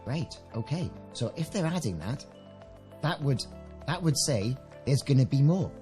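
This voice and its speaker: A man's voice: medium pitch, expressive, unhurried, dark tone, soft background music. A British man giving casual commentary on a game update, reading out patch notes and adding chatty, enthusiastic asides. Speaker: gaming video creator.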